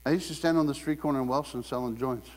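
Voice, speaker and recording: A man's voice: mid-range voice, quick pace. A man preaching a sermon in a church, telling humorous stories and acting out the voices of the people in them. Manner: animated storyteller, acts out quotes in raised voice. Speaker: guest preacher. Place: church sanctuary. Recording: long hall reverb, mains hum.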